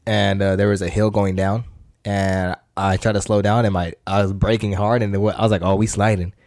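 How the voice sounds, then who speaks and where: A man's voice: fairly low pitch, level tone, brisk, darkish tone, no room sound, studio quality. A man, co-hosting a podcast, telling a story in a slangy, rambling way, swearing and acting out voices. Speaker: podcast co-host. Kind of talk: casual chat.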